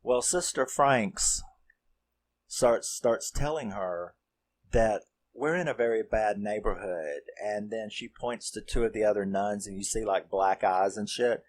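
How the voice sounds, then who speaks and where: Guy slowly rambling through a movie plot, lots of swearing, lowish voice. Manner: rambling, profane, acts out quotes. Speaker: movie reviewer. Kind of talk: casual plot recap.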